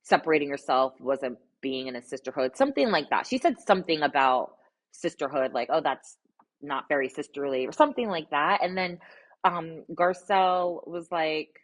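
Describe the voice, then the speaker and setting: A woman's voice: low-pitched, normal speed. Sassy woman recapping reality TV. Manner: sassy, animated, exasperated asides. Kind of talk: casual commentary.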